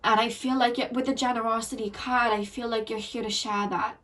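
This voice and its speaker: A woman's voice: on the high side, fairly even intonation, a little fast, a bit bright, recorded from a distance. A woman giving an emotional, earnest tarot reading to her viewers, repeating phrases and getting teary. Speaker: tarot card reader.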